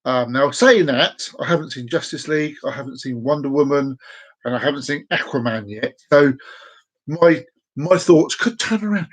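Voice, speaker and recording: A man in his forties hosting a casual live stream from his desk at home, playful and chaotic, repeating and stretching his phrases with sudden excited whoops. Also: a little high, moderate pace, rough recording.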